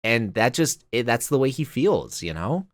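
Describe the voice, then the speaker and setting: A man's voice: mid-range voice, sing-song, normal speed, no room sound, clean studio sound. A man co-hosting a podcast, giving his opinion in a thoughtful, hedging way with frequent restarts. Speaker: podcast co-host. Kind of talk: casual chat.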